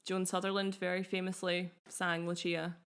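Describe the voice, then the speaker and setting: Chatty young woman, a bit low. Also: level tone, moderate pace, fairly bright tone, clear, resonant tone. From Scotland. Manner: chatty and enthusiastic, laughs often. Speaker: podcast co-host. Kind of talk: casual podcast chat.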